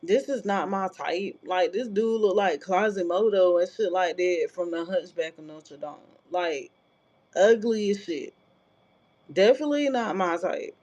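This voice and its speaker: A woman's voice: fairly low pitch, a little slow, a little mellow. A woman vlogger telling a personal story in a casual, blunt, profane way, with frequent filler asides. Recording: dull lo-fi sound.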